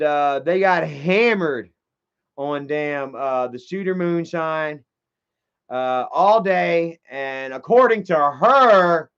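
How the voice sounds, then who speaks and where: A man's voice: on the high side, clear, resonant tone. A man streaming live, telling a long, rambling, profane personal story and reading chat messages aloud. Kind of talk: livestream storytelling. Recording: dull lo-fi stream audio.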